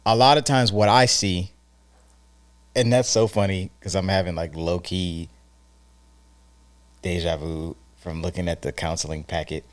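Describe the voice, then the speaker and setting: A married man co-hosting a casual podcast, giving animated, earnest relationship advice with frequent restarts. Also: deep voice, measured pace, long pauses, dry recording. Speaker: podcast co-host. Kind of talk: casual chat.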